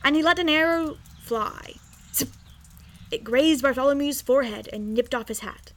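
A woman reading a children's story aloud in an expressive, lively way. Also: high-pitched, normal speed.

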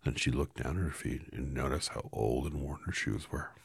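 Man reading a children's story aloud, very low, husky, gravelly, calm and unhurried. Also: no echo. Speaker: storybook reader.

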